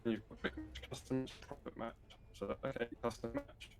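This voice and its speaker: A man in a casual gaming voice chat, talking quietly and reading menu steps aloud. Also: mid-range voice, huge pitch swings, moderate pace, soft background music. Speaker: player in the online session.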